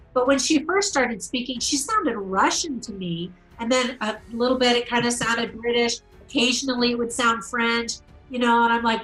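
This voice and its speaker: A woman with a bright, forceful voice pitched a little high, co-hosting a casual film review. She talks animatedly and acts out quotes in a raised voice, with faint music in the background. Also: poor audio. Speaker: movie review co-host.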